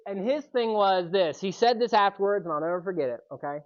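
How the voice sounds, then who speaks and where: A man preaching to young people in an animated, storytelling way, his pitch swinging widely as he talks. He keeps checking in with his listeners. The recording sounds dull and lo-fi. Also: fairly quick. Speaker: youth speaker. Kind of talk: youth sermon with personal story.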